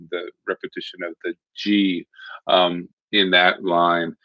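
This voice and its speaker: A man with a very low voice gives a recorded literature lecture. He talks in a conversational way, explaining ideas step by step. The sound is dry and dull, like a lo-fi home recording. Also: steady tone, takes it slowly, a bit bright, dry recording.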